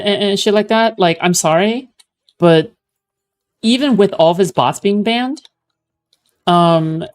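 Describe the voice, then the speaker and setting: A man streaming, giving casual commentary on a clip in a rambling, sarcastic way with lots of filler words. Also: high-pitched. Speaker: streamer reacting to clips.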